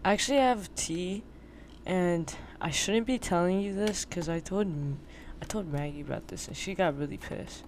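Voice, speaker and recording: A young adult woman co-hosting a podcast chats casually, using lots of slang and animatedly acting out the exchanges in the story she's telling. Her voice is on the low side at normal speed, with a little hiss or hum.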